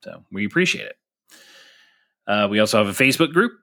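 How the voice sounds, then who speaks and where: A man co-hosting a podcast in a loose, chatty way, full of fillers and asides. His voice sits a little low but sounds bright and forceful. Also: very animated, quick pace, no echo, clean studio sound. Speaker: podcast co-host. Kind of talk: casual podcast chat.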